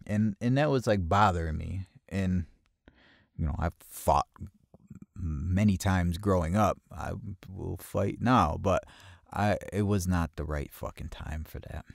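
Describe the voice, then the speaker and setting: A man with a low voice tells a personal story in a casual, profane, streetwise way. He breaks into loud acted-out voices of the people involved. The recording is close and dry, with no room sound. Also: unhurried, vocal fry, no room sound. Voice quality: heavy swearing, acts out quoted voices loudly. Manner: blunt, streetwise, animated retelling. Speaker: podcast host telling a personal story.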